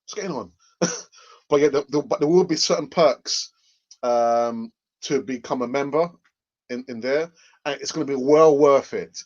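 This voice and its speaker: A man's voice: medium pitch, unhurried, darkish tone. Jokey man hosting a live stream. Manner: jokey, laughs often, reads out viewer comments. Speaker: host of a live fan channel. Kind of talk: casual live-stream chat. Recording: dull lo-fi microphone sound.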